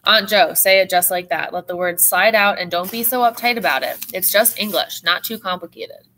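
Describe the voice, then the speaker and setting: A woman's voice: on the low side, normal speed, pushed and bright, a little hiss or hum. A woman reading aloud as a strict older aunt, talking in a commanding, scolding way.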